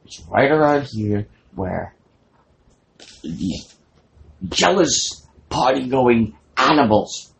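A man voicing a scheming old woman con artist who speaks in a shrill, pushy, theatrical way. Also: animated, slow pace, gravelly, pauses often, poor audio. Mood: indignant.

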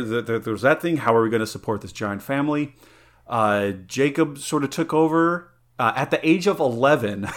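A male podcast host telling a history story in casual chat. He rambles, restarts sentences and laughs often, his voice sitting at an ordinary middle pitch.

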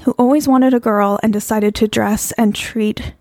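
A fairly high-pitched woman co-hosting a podcast, chatting casually with plenty of fillers and laughter. Her voice carries a gravelly fry, and the recording is dry and close. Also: steady tone, moderate pace, a little mellow, dry recording. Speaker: podcast co-host. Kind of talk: casual chat.

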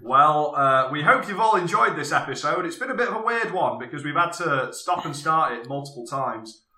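A man's voice: a little high, animated, normal speed, pushed and bright, distant mic. A man hosting a casual comedy podcast, upbeat as he wraps up the show and plugs events. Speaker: podcast host. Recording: echoey room, set back from the mic.

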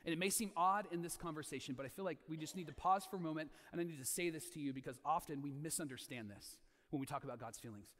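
A man in his thirties preaching a sermon as pastor, animated, acting out quoted voices and repeating key lines. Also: fairly high pitch, fast talker, few pauses, big-room sound.

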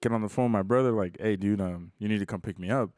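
A man's voice: on the low side, fast talker, a little mellow, no room sound, studio quality. A man co-hosting a podcast, telling a story in a loose, slangy, profane way. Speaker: podcast co-host. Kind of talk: casual storytelling chat.

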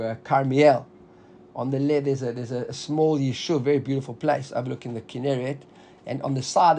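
A man's voice: mid-range voice, a little hiss or hum. A man teaching a Talmud class, explaining step by step and checking in with "right?". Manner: animated, explaining with frequent "right?".

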